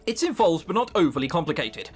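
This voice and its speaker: A man's voice: fairly high pitch, big pitch swings, fast, faint music behind. A man voicing a polite, composed young man in a game, his phrasing courteous and formal.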